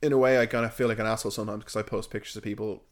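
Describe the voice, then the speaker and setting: A man's voice: lowish voice, steady tone, very fast. A man co-hosting a casual podcast, telling stories animatedly and swearing freely. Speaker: podcast co-host.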